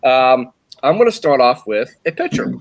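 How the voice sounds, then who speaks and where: A man's voice: mid-range voice, very animated, moderate pace, poor audio. A man chatting casually in a group video call, earnest and a bit hesitant, searching for words.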